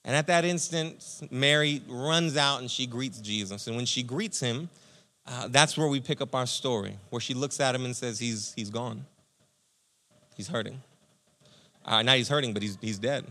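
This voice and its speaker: A man pastor giving a conversational, energetic sermon, speaking to listeners as friends. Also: mid-range voice, normal speed.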